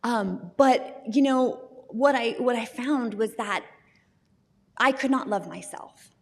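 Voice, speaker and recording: Speaking slowly in a higher voice, a woman guest offers an honest account of her recovery at a recovery talk. She laughs at herself and restarts her words often, and the hall's long reverb lingers behind her.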